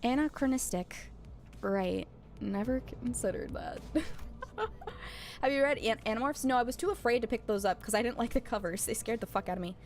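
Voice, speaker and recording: A woman's voice: on the high side, normal speed. A young woman streaming a game, making crude jokes and rambling casually. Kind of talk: casual livestream commentary.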